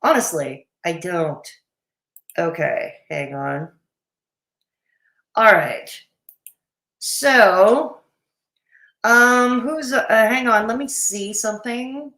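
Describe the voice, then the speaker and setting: Slow-talking woman, blunt and dismissive. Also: mid-range voice, lively intonation, a bit bright, roomy sound. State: has the hiccups. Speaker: commentary channel host. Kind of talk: casual reaction chat.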